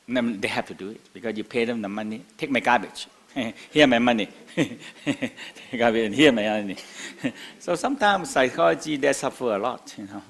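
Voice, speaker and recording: A man's voice: medium pitch, fairly bright tone. Older male teacher, non-native English, casual lecture, laughs often, rhetorical questions. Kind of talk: spoken lecture to a class.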